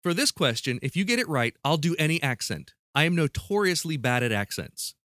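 A man's voice: a little high, very animated, sharp tone, dry recording, clean studio sound. Playful male podcast quiz host. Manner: playful, joking, quick to laugh. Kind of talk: casual podcast chat.

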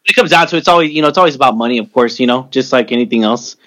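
A man co-hosting a casual chat about reality television, excitable and profane, often mimicking the people he talks about. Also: mid-range voice, very fast. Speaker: podcast co-host.

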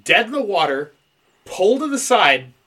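Podcast host, male, lively bright voice, swears freely while riffing on a story. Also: sits high, a little slow. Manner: profane, laughs a lot, animated storytelling. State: dry mouth. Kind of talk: casual conspiracy podcast chat.

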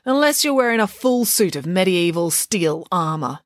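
A grandiose, self-assured pig nanny from a storybook reading, emphatic and opinionated, her voice bright and lively in pitch, as a woman puts her on. Dry, close recording. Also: normal speed, dry recording, natural voice.

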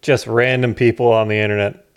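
A man's voice: mid-range voice, level tone, brisk, clean tone. A man co-hosting a comedy podcast, chatting casually and making dry, sarcastic jokes. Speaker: podcast co-host. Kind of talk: casual chat.

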